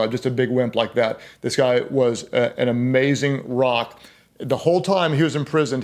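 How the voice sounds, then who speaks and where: Emphatic, conversational male pastor speaker. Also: mid-range voice. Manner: emphatic, repeats key words for stress; conversational and self-deprecating asides. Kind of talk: leadership talk to church and business leaders.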